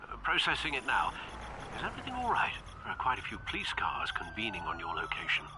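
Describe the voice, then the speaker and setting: An actor playing a polite, formal older butler in a video game. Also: male voice, on the high side, huge pitch swings, fast, music in the background. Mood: concerned. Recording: game audio with sirens behind.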